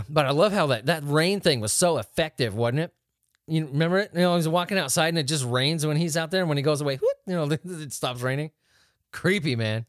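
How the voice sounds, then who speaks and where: A man's voice: fairly high pitch, no room sound, studio quality. A man hosting a podcast, reading news headlines aloud and riffing on them in a joking, rambling way with frequent laughs. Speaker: podcast host. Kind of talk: casual rambling news chat.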